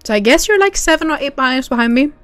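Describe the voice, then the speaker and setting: A woman's voice: high voice, expressive, fast, fairly bright tone, dry recording, faint music behind. Giggly woman streaming, dry close sound. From Sweden. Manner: bubbly, giggly, reads chat aloud. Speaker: livestream gamer. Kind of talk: casual livestream chat with viewers.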